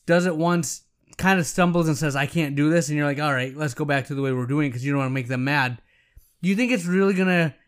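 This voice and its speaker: A middle-aged man talks business advice in a relaxed, coaching way, his voice sitting a little higher than most men's. He keeps checking in with his listeners with a quick "right?" or "okay?" as he goes. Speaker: optometrist podcast host. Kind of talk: casual business advice talk.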